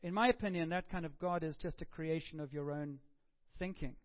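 A male preacher gives a sermon in a relaxed, conversational way, stumbling and repeating words as he goes. His voice sits a little high for a man. The recording is muffled and lo-fi. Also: a little fast.

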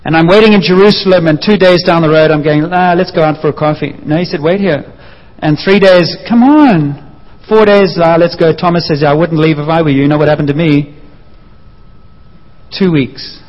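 A man preaching a sermon, telling a story with lively acted-out voices. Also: on the high side, brisk. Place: church hall. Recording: dull sound with long hall reverb.

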